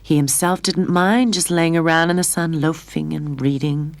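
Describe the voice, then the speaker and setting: A woman reading the storybook narration of a cartoon dub in a lively, expressive way. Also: low voice, normal speed. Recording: faint music under the voice.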